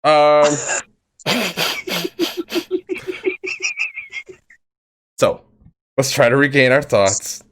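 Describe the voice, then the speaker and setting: A man's voice: medium pitch, measured pace, a bit bright, clear, resonant tone. A man hosting a live-streamed interview, swearing freely and reading viewer donations aloud between questions. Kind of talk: casual chat.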